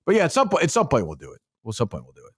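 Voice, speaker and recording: A male podcast host with a Boston accent rambles through a story, swearing and filling pauses with ums and likes. His pitch swings up and down a lot as he talks. The sound is close and dry, with no room around it. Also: wildly swooping pitch, a bit bright, husky, no room sound. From Massachusetts. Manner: rambling, profane, many fillers. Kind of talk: casual chat.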